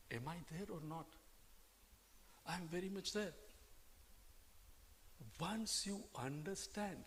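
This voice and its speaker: An older man giving a spiritual discourse, asking rhetorical questions and acting out little dialogues. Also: on the high side. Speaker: spiritual teacher. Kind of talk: Vedanta scripture discourse.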